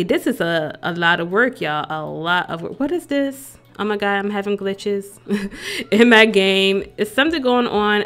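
A woman's voice: medium pitch, a bit bright. A young woman gives casual gameplay commentary as a let's play host, chatting to her characters and to viewers.

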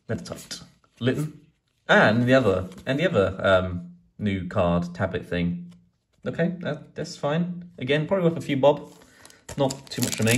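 Excitable, sweary man. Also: mid-range voice, a little hiss or hum. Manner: excitable, swears a lot, rambles. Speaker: card collecting YouTuber. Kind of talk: casual pack-opening vlog.

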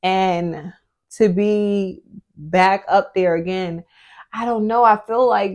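A pregnant woman in her thirties chats candidly in a relaxed sit-down talk, her speech full of "like" fillers. Her pitch sits in the ordinary middle range for a woman. She talks openly and at length. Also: measured pace. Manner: candid, chatty, with many "like" fillers. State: pregnant, often out of breath. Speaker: family channel vlogger. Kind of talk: casual sit-down chat with husband.

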